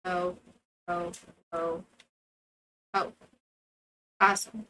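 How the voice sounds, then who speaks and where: A woman's voice: mid-range voice, slow, long pauses, bright, forceful tone, slight background noise. A woman streamer giving casual gameplay commentary, playfully talking to the game characters and to herself.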